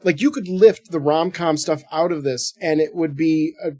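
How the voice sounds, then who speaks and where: A man's voice: fairly high pitch, normal speed, dark tone, no echo. A man co-hosting a podcast in casual movie chat, jokey and swearing freely. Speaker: podcast co-host.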